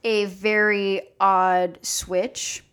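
A woman's voice: little pitch movement, drawn-out words, a bit bright, clean tone. Candid, swearing young woman chatting. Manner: candid and profane, drops into mock-menacing low asides. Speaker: podcast co-host. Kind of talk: casual chat.

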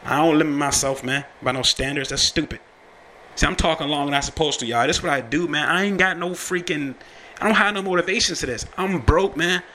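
A young man rambles through a loose, swear-heavy monologue as a talk host, laughing often as he goes. His voice is bright and forceful. A faint hiss of noise sits behind him. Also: fairly high pitch, a little fast. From Virginia, USA. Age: young adult. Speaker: podcast host and rapper. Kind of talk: casual profane monologue.

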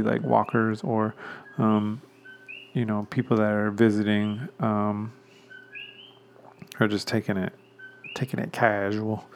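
A man hosting a casual solo podcast, rambling along with many pauses and restarts and chuckling at himself now and then. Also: fairly low pitch, gravelly, slight background noise. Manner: chuckles self-consciously. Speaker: podcast host.

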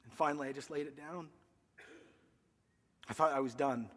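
A man's voice: a little high, fairly even intonation, moderate pace, fairly bright tone, long reverb tail. A man, a pastor, earnestly telling a personal story in a sermon, his voice rising when he quotes himself. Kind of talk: sermon testimony.

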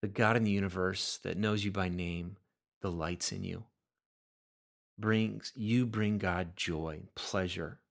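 A man's voice: deep voice, fairly even intonation, measured pace, vocal fry. Earnest man preaching a sermon. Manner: earnest, repeats words when building a point. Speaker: pastor.

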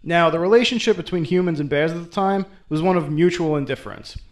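Man, host, comedic storyteller, profane, wisecracking, fairly high voice. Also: fast talker.

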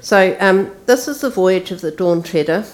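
A woman preaching a sermon in a relaxed, conversational way, retelling a story. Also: mid-range voice, moderate pace.

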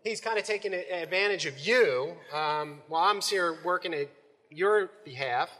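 A man's voice: high voice, normal speed, pushed and bright. A man improvising in a church skit, hesitant and laughing through his lines. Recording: reverberant hall.

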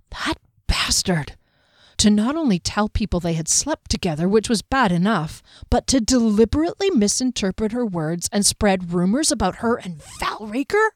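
Woman narrator for a fantasy novel, measured and expressive, dry close studio sound. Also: medium pitch, dry recording. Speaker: audiobook narrator.

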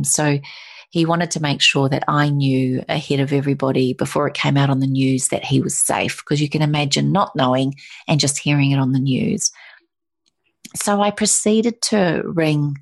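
A woman's voice: sits low, steady tone, normal speed, gravelly. A middle-aged woman telling a personal story in conversation, emotional and full of restarts and quoted voices.

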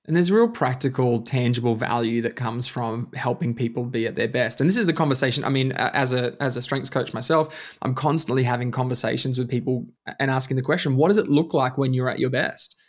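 A man who works as a strengths coach, hosting a podcast interview and talking in a reflective, steady way with frequent restarts. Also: medium pitch, fairly quick, hardly any pauses. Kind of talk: conversational interview.

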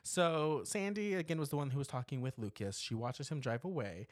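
A man with a mid-range voice co-hosts a podcast, recapping a horror film's plot in casual chat. He talks briskly and animatedly with frequent laughs and fillers, in a studio-quality recording with no echo.

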